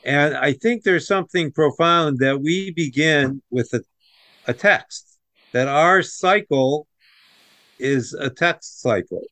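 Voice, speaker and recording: A man's voice: a little high, pushed and bright, dry recording. Thoughtful man in a dry recording. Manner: thoughtful, measured. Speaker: rabbi, co-host. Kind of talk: reflective discussion.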